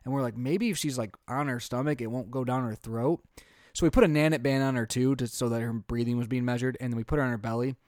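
Chatty dad telling family stories. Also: male voice, medium pitch, fast talker, dry recording, studio quality. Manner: chatty, animated storytelling with quoted voices. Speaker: podcast co-host, father. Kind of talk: casual chat.

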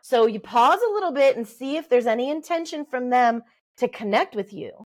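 A middle-aged woman giving parenting advice in a podcast interview, lively and acting out little exchanges with babies. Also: high-pitched, normal speed. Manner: animated, acts out parent-baby talk. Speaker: guest, early development expert.

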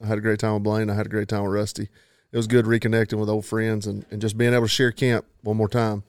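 A man's voice: on the low side, level tone, fast talker, smooth, no room sound. A man, co-hosting a podcast in a home studio and joking in a laid-back way. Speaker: podcast co-host back from a hunting trip. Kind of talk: casual chat.

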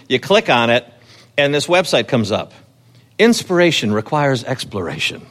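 A man's voice: medium pitch, very animated, normal speed, fairly bright tone. A man preaching a sermon in a conversational way, asking the congregation questions and rising with energy when he quotes scripture. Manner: frequent fillers and restarts, asks the congregation questions. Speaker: pastor.

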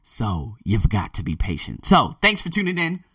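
A young man hosting his own podcast alone, talking casually and animatedly, with loud excited bursts that drop to low murmurs. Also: normal speed, slightly rough, dry recording, studio quality, distant mic. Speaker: podcast host. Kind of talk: solo podcast monologue.

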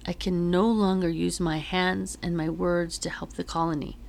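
A woman reading the lines of a gravely wounded colonial captain in a weak, halting, low delivery. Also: little pitch movement, darkish tone. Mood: weary, solemn.

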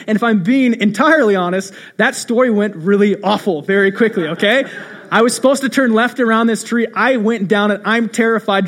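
Young male pastor with a high voice, storytelling sermon, shifts from quiet to punchy. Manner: storytelling with rhetorical questions, swinging between hushed and emphatic.

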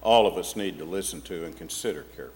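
Deep-voiced fast-talking man. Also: long reverb tail.

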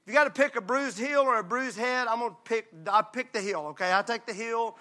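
A male pastor from Mississippi, preaching a lively, joking, conversational sermon. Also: very high voice, brisk. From Mississippi, USA.

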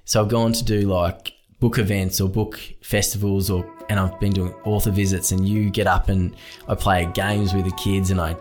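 Australian male author guest, low voice, chatty and self-mocking, soft music bed. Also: level tone, moderate pace, few pauses. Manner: chatty, self-deprecating storyteller. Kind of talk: casual interview chat.

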